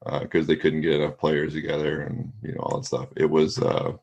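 A man with a very low, deep voice talks sports with a co-host on a casual podcast. He rambles, leans on fillers, and perks up when he retells a moment from a game. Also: little pitch movement, brisk, darkish tone, slightly rough, muffled recording.

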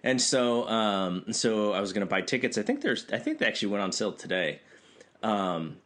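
A man's voice: fairly low pitch, very animated, normal speed, a bit bright. A middle-aged man co-hosting a podcast, telling a story in a rambling way with lots of fillers. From California. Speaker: podcast co-host. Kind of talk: casual chat.

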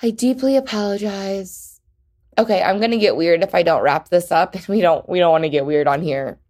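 A young woman hosting her podcast alone, rambling and halting with many fillers, emotional and close to tears. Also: on the low side, a little mellow. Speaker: podcast host. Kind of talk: casual solo podcast chat.

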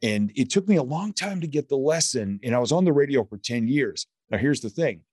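A man's voice: medium pitch, a little fast, slightly rough, dry recording, clean studio sound. A middle-aged man, a guest speaker and former radio producer, telling stories in casual conversation and acting out the voices of people he quotes. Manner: animated storyteller who acts out quoted voices. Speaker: guest, keynote speaker and author.

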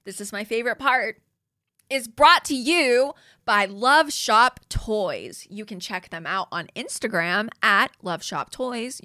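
Bright chatty Valley Girl woman. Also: mid-range voice. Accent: Valley Girl Los Angeles. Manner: chatty, frequent "like" and "you guys", laughs often, swears casually. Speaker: podcast host. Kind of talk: casual solo podcast chat.

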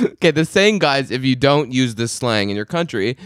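A man telling a story in casual podcast chat, laughing often and swearing freely, sometimes mimicking shrill yelling. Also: big pitch swings, moderate pace, dry recording, clean studio sound. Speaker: podcast co-host.

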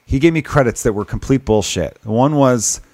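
A man's voice: medium pitch, normal speed, a little mellow, dry recording. A man hosting a podcast, bantering bluntly and profanely in casual chat. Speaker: comedian and podcast host.

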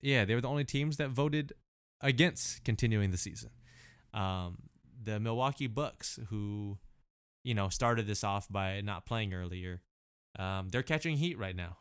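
Smooth low-voiced laid-back guy. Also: unhurried, no echo, studio quality. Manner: laid-back, slangy, laughs often. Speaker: podcast co-host. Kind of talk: casual chat.

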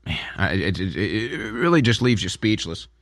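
A man's voice: fairly low pitch, sing-song, normal speed, a bit bright, no echo, studio quality. A man hosting a commentary show, talking in a sarcastic, mocking way. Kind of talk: political commentary.

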